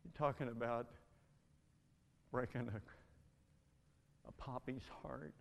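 An older man giving a spoken testimony, telling a story earnestly with halting restarts. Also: mid-range voice, fairly even intonation, vocal fry. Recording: long reverb in a large hall.

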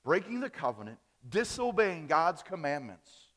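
Emphatic pastor from Wisconsin preaching. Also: male voice, on the high side, very animated, normal speed. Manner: emphatic preaching, rising on key phrases and dropping soft at line ends. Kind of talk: sermon. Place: church sanctuary. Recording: reverberant church hall.

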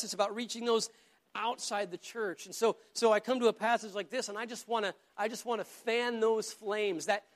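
A man's voice: sits high, fairly bright tone. A pastor preaching a sermon to his church in an earnest, conversational way, often repeating words as he goes.

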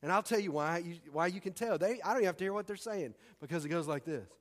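A man's voice: high voice, lively intonation, fast. A man preaching a sermon as pastor in a church, conversational and punchy with emphatic repetition. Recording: long hall reverb.

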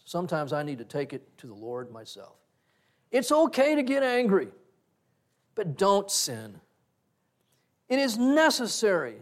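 A middle-aged man preaching a sermon, telling personal stories in an animated way and acting out the conversations in them. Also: high voice. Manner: animated storyteller, acts out quoted exchanges with laughter. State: breathes through one side of nose. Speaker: pastor.

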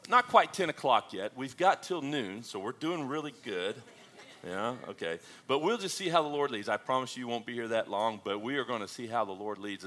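Folksy pastor, mid-pitched, mixes jokes and prayer. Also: male voice, fairly bright tone. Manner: folksy, humorous, chuckling. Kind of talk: sermon with jokes.

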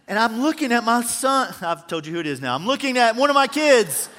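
In a church auditorium with long, large-hall reverb, a male pastor with a fairly high voice preaches briskly and with hardly any pauses. His joking sermon is animated, its volume swelling and dropping as the story unfolds.

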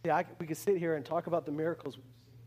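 High pitched guy preaching a sermon, animated, keeps restarting lines. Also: racing, slightly rough. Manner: animated, acts out the complaining Israelites in a higher voice; repeats words and restarts phrases.

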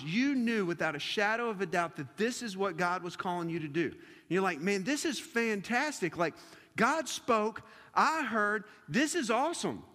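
High-voiced youth pastor telling a story. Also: male voice, in a large hall. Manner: conversational and animated storytelling. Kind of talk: sermon with a personal story.

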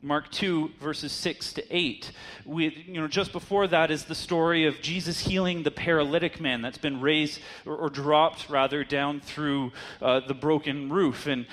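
A man's voice: a little high, steady tone, measured pace, a bit bright. A man preaching a sermon in a conversational teaching manner, asking his listeners rhetorical questions.

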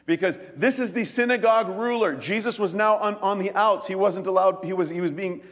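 A man preaching a sermon as pastor, telling stories in an animated way and acting out the quoted lines in quick voices. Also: sits high, big-room sound.

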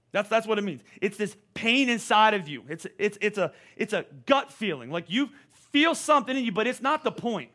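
A man in his forties preaching a sermon, energetic and repeating words as he stresses his points. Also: high voice. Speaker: pastor.

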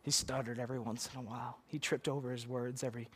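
A man's voice: mid-range voice, little pitch movement, fast talker, fairly bright tone, slightly rough. A man preaching a sermon and leading a closing prayer, earnest and direct, often checking in with "right?". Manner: earnest, repeats "God" and "Lord" in prayer; asks "right?" of the listeners.

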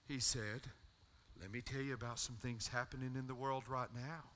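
A man's voice: medium pitch, fairly even intonation, moderate pace, fairly bright tone, slight background noise. A middle-aged man, a pastor telling a personal story in his sermon and building to a fervent altar call.

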